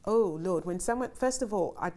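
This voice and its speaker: A woman's voice: mid-range voice, lively intonation, moderate pace, darkish tone. A middle-aged woman, a film director, reads interview questions aloud and answers them in a chatty, rambling way with lots of ums and easy laughter. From Ghana.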